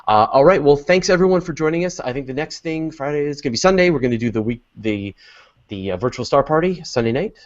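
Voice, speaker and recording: A man's voice: a little high, animated, quick pace. A man with a Canadian accent hosting a casual panel chat over a video call, upbeat with plenty of fillers. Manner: upbeat, sign-off patter with fillers. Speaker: host. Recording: dull lo-fi call audio.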